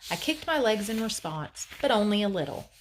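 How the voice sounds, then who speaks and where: A woman teacher reading a novel aloud in an expressive storytelling way, with dramatic pauses. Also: medium pitch.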